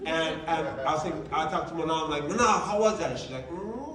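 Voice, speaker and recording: High-voiced man giving a motivational talk. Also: brisk, very noisy. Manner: animated storyteller, acting out dialogue. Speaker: team leader giving a training talk. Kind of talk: motivational speech. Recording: roomy, distant sound with faint ambience.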